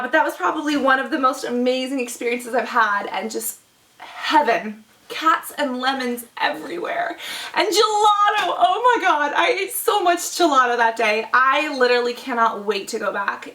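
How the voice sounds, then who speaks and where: Young woman, chatty vlog, high bright voice, echoey room a bit off the mic. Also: normal speed, distant mic. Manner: gushing, chatty, full of likes and oh-my-gods. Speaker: vlogger. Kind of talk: casual chat.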